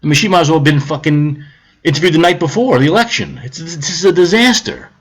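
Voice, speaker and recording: A man's voice: on the high side, animated, quick pace, breathy edge. A man ranting on a live stream about politics, heated, sarcastic and profane, repeating his points.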